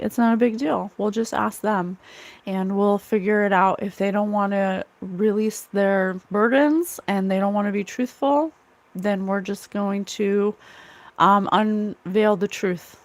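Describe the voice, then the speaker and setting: A woman's voice: mid-range voice, no room sound. A woman hosting a livestream as a psychic medium, channeling spirits in an emotional, earnest way and laughing often.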